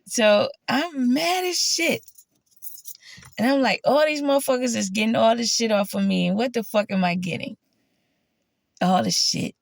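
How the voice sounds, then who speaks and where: A woman vlogger telling a profane, animated story in casual monologue and often quoting herself. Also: fairly high pitch, moderate pace, creaky, long pauses, no room sound.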